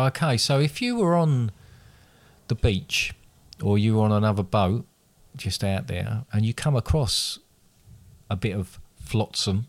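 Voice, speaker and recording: A man with a lowish voice runs a relaxed quiz between friends. He reads the questions aloud, stumbles and starts them over, and teases his guest as he goes. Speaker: quiz host. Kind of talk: casual quiz chat.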